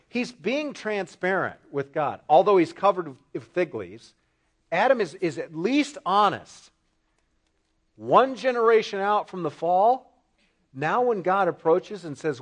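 A man's voice: high-pitched, sing-song, unhurried. A man preaching an expository sermon, asking the congregation rhetorical questions and repeating phrases for emphasis.

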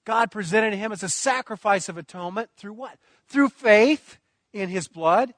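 Male preacher, high voice, dry close sound, passionate delivery with building repetition. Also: normal speed, fairly bright tone, no echo. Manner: impassioned, rising and falling emphasis with repeated phrases. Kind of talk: sermon.

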